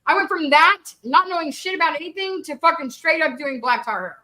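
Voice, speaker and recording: A high, bright woman's voice, loose and unguarded, telling stories with plenty of swearing and laughter. Her tone stays sharp and forward as she chats. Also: expressive, a little fast. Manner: candid, laughing, swears freely. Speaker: guest storyteller. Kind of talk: casual profane storytelling.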